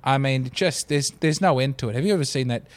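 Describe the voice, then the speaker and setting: A man's voice: mid-range voice, fast. A man co-hosting a comedy podcast, chatting casually and rambling through tangents. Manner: rambling, reads quotes in put-on voices. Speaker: podcast co-host.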